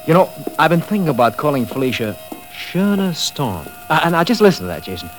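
A salesy, excitable Hollywood publicity man in a 1950s radio drama. His pitch swings all over as he makes his pitch. Faint music hums under the old recording. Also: a little fast. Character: pushy fast-talking male Hollywood publicity man.

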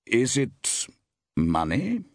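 A man reading aloud, voicing a composed gentleman who speaks in a measured, politely probing way. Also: fairly low pitch, very animated, breathy edge, no echo, studio quality, full character voice.

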